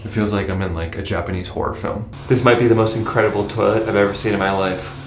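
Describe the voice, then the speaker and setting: Low-voiced man vlogging from a capsule hotel. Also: fairly even intonation, fast talker, slight background noise. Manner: chatty, often whispering. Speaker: travel vlogger. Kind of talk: casual vlog narration.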